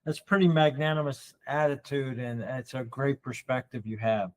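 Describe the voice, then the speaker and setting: A man hosting a podcast, asking gentle personal questions and giving short affirmations. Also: mid-range voice, moderate pace, rough recording. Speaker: podcast host. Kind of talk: interviewing.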